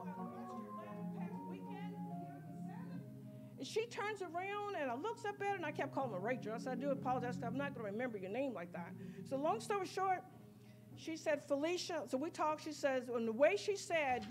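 A woman giving a spoken testimony at a church worship service, telling her story in a rambling, excited way full of quoted dialogue. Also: sits high, fairly quick, over music. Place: church sanctuary.

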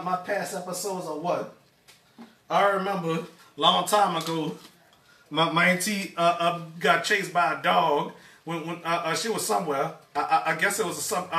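A man hosts a casual cooking live stream from his home kitchen, stammering and chatting with viewers. His voice is high and bright. He is a bit away from the mic in an echoey room. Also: far from the mic. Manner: stammering, repeats words, addresses viewers as y'all. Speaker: cooking show host.

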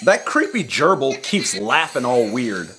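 Animated young man doing game commentary. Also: mid-range voice, measured pace, music in the background. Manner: animated, joking reactions with sound effects. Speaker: YouTuber playing a mobile game. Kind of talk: casual gameplay commentary.

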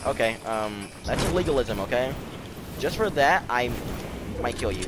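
A man giving casual commentary over his own gameplay footage, excitable and yelling at teammates during fights. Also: medium pitch, normal speed, very noisy. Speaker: gaming video creator.

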